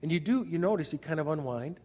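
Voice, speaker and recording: A man preaching in a large church, his voice sitting a little high for a man. He is animated, acting out small scenes and dropping from loud bursts to hushed, quiet asides. A long reverb from the hall trails every phrase. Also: fast talker. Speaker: pastor. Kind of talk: sermon.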